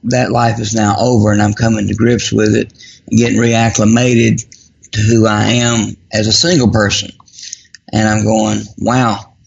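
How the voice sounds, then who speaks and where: Grieving guy guest, rough gravelly voice, breathy, keeps restarting his sentences. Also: lowish voice, level tone, muffled recording. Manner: reflective, halting, with repeated restarts. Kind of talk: casual conversation.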